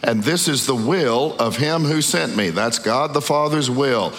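A male pastor preaching a sermon, asking the congregation questions and slowing down to stress key words. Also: medium pitch, expressive, a bit bright. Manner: call-and-response questions to the congregation; emphatic, slows down on key words. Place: church sanctuary. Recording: long reverb of a large hall.

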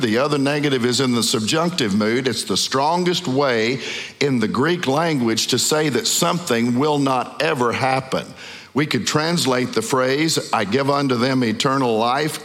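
A male pastor preaching a sermon, asking the congregation questions and slowing down to stress key words. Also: medium pitch, fairly bright tone. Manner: call-and-response questions to the congregation; emphatic, slows down on key words. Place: church sanctuary. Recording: long reverb of a large hall.

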